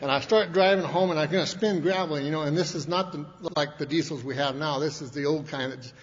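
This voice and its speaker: A man's voice: fairly high pitch, steady tone, fast talker. A middle-aged man from Montana telling his recovery story to an audience, folksy and rambling, with constant restarts and colloquial grammar. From Montana, USA. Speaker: speaker at a recovery convention. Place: large convention hall. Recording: long hall reverb, dull lo-fi archival tape, faint hiss.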